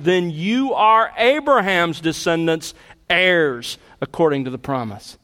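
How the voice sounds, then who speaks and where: A pastor with a high voice delivers a sermon, earnest and emphatic. He slows down to stress key phrases and asks rhetorical questions. His voice rings with long reverb from a large room. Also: very animated, a bit bright.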